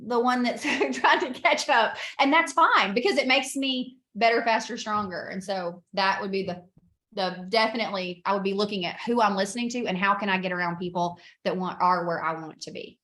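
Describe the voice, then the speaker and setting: A woman giving an energetic, emphatic coaching talk over a video call, often laughing. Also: medium pitch, fairly quick. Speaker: guest speaker, business coach.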